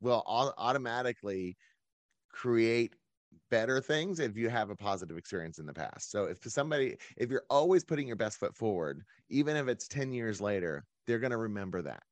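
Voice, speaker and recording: A man's voice: fairly low pitch, animated, a little fast, no room sound. A man who runs his own events business, telling his career story as a guest in a conversational interview.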